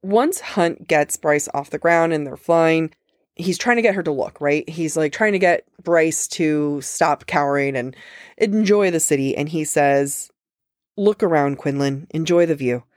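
A woman co-hosting a book podcast in casual chat, talking with quick asides and frequent laughter. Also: low voice, dry recording, clean studio sound.

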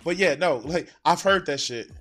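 A man's voice: on the high side, animated, moderate pace, sharp tone. A man hosting a reaction video, talking casually with profane, exasperated outbursts.

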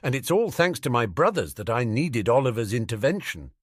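A man's voice: medium pitch, big pitch swings, fairly quick, no room sound, clean studio sound. Brief: reader playing a proper, earnest young man, a bit breathless, storybook reading. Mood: prim. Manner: prim, eager, a little breathless.

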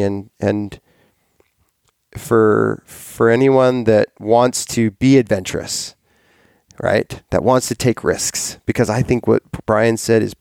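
A man hosting a relaxed podcast, talking with rambling enthusiasm and frequent self-corrections. His lowish voice carries a gravelly fry but stays smooth and resonant. The sound is dry and close. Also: no room sound. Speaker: podcast host. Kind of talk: casual podcast chat.

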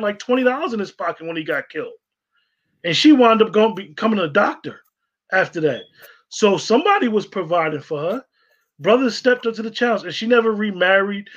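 A man co-hosting a casual online discussion, talking emphatically and repeating himself for stress. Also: high-pitched. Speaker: co-host. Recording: dull lo-fi sound.

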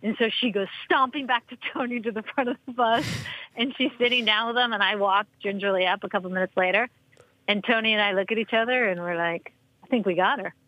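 Woman, podcast guest, casual storytelling, animated, jumps in pitch for quotes. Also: quick pace, no echo, muffled recording. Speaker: podcast guest, former soccer player.

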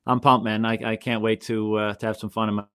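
A man's voice: on the low side, flat delivery, fast talker, fairly bright tone, smooth, dry recording, clean studio sound. A man from Canada on a podcast, sounding earnest and enthusiastic as he talks. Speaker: podcast guest. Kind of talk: casual podcast chat.

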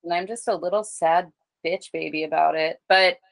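A woman's voice: fairly low pitch, fairly even intonation, moderate pace, creaky, no room sound. A young adult woman chatting candidly on a podcast, swearing freely and leaning on "like". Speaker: podcast guest or co-host. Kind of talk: casual chat.

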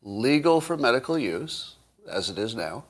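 A man hosts a casual solo commentary, thinking out loud at an easy pace. He tosses rhetorical questions to his listeners and breaks into wry chuckles along the way. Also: mid-range voice, sing-song, moderate pace.

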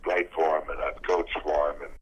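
A man's voice: very deep voice, steady tone, normal speed, breathy edge. A man who is a retired football coach recalls his career in an interview, talking plainly with folksy grammar. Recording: dull lo-fi interview audio.

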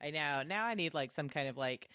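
A woman co-hosting a podcast, chatting casually about a movie in an animated way, swearing freely as she retells scenes. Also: deep voice, brisk, smooth, no echo, studio quality. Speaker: podcast co-host. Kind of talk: casual movie review chat.

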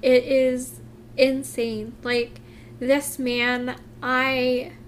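A woman with a fairly high voice speaks very slowly in a casual confessional vlog. She rambles with many fillers and restarts, heartfelt and close to tears. A faint ambient noise sits behind her. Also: level tone. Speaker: vlogger.

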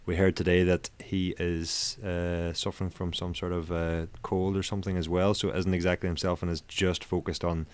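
A man's voice: low-pitched, little pitch movement, moderate pace, few pauses, clean tone. A man co-hosting a podcast over a call, talking through the race in an easygoing, tentative way. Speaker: podcast co-host. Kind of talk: casual cycling race analysis.

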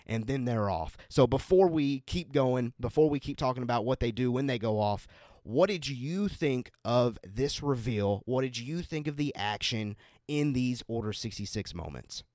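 Excited man co-hosting a podcast. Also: mid-range voice, moderate pace, no echo, studio quality. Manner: excited, animated storytelling. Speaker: podcast co-host. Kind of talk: casual chat.

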